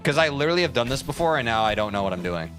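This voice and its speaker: A man's voice: medium pitch, big pitch swings, racing, fairly bright tone, soft background music. A man streaming a platform game, joking and rambling at his chat and mocking himself. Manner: jokey, rambling, self-mocking, talks to chat. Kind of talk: casual live-stream commentary while playing.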